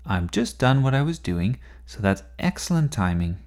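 A man's voice: medium pitch, very animated, moderate pace, darkish tone, pitched above the performer's own voice. A man voicing a busy, distracted father in a storybook, firm but kindly and a bit flustered.

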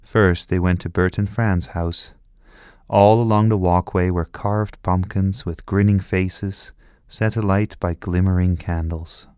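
Man reading a kids' story, deep voice, unhurried and rhythmic. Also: steady tone, darkish tone, clear, resonant tone, dry recording, studio quality. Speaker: narrator.

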